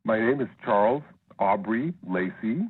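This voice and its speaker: Firm male caller with a lowish, husky voice, reads his comment over a tinny phone line. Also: lively intonation, unhurried. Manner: firm and insistent. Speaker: caller giving public comment. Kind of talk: read prepared statement.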